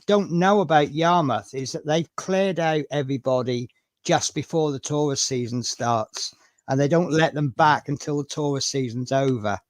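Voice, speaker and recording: A man's voice: on the high side, normal speed, no room sound. A man with a broad Norfolk accent, chatting casually with a fellow modeller on a live stream and telling stories. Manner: chatty, storytelling, restarts often. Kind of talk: casual chat.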